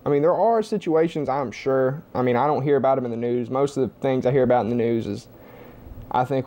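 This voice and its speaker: A man's voice: mid-range voice, a little fast, dark tone. A young man at home giving a blunt, heavily profane opinion monologue to camera. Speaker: vlogger.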